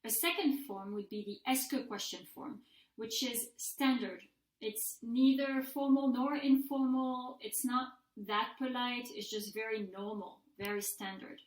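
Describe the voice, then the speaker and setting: A woman language teacher records a mini-lecture for her students, explaining step by step and saying each example sentence aloud. Her voice sits a little high. The room around her rings with a noticeable echo. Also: steady tone, unhurried. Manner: patient, methodical, models example sentences aloud. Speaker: French language instructor. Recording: echoey room.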